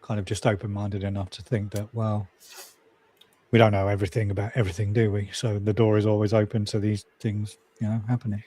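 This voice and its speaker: A man on a livestream panel, musing in an even, open-minded way. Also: fairly low pitch, brisk. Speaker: livestream guest. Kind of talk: casual chat.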